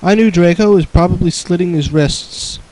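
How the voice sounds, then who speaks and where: A man's voice: sits high, moderate pace, a little mellow, low-quality recording. A young man reading a bad fan story aloud with sarcastic, mocking asides. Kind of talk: comedic dramatic reading with commentary.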